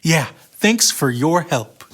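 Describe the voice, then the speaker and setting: A man's voice: fairly high pitch, expressive, takes it slowly, fairly bright tone. A man narrating a Bible story for children, telling it expressively.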